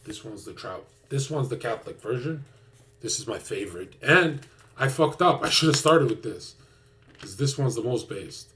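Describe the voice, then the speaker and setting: A man's voice: medium pitch, expressive, normal speed, fairly bright tone. Crude, rambling male streamer. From Canada. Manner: crude, rambling, slangy, lots of "bro". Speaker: live streamer. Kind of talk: casual live-stream chat.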